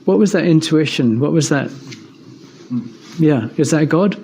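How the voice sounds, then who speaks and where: A man's voice: a little high, animated, unhurried, gravelly, mellow, a little hiss or hum. A man from England giving an informal talk, telling personal stories in a thoughtful conversational way with frequent fillers. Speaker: speaker giving a talk on evidence for God.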